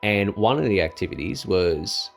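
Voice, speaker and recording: A man's voice: lowish voice, lively intonation, moderate pace, gravelly, faint music behind. A young man, rambling through a casual personal story with many ums and restarts.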